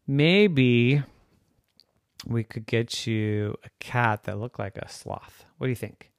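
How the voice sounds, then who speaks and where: A man's voice: mid-range voice, slow pace, creaky, no echo, clean studio sound. A man voicing a patient, puzzled pet store clerk who offers pets in a chatty, doubtful way. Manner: doubtful, chatty salesman questions.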